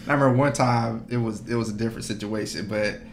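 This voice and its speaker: A man, co-hosting a relaxed podcast chat with his wife. He tells stories with energy and acts out what people said. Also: lowish voice, moderate pace, a little hiss or hum. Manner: animated storyteller, acts out quotes. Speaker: podcast co-host. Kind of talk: casual chat.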